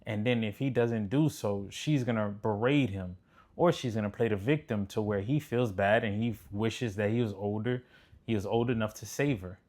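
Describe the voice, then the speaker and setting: A man's voice: lowish voice, moderate pace, a little mellow. A man giving blunt, preachy commentary on relationships, swearing freely as he reacts to clips. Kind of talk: casual commentary.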